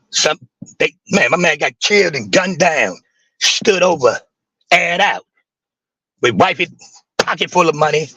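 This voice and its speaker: A man hosting a livestream, telling an emotional personal story in heavy street slang, halting and repeating himself as he grieves. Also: fairly high pitch, gravelly, sharp tone, slightly rough, no room sound, low-quality recording. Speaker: livestream host.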